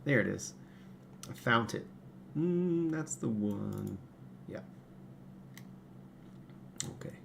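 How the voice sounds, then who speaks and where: A man's voice: medium pitch, lively intonation, very slow, gravelly, long pauses, background noise. A man hosting his own livestream, talking casually and rambling with many fillers and restarts at his computer. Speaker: livestream host and parts maker.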